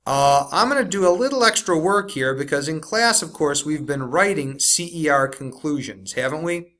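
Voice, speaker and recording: A man teaching science, walking through a worksheet step by step and slowing down to stress key words. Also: a little high, lively intonation, fairly bright tone. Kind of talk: recorded classroom lesson walkthrough.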